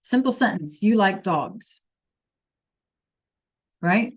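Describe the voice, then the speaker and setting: A woman's voice: mid-range voice, takes it slowly. A woman Spanish teacher giving an online class lesson, searching for examples with many fillers and acting out short dialogues.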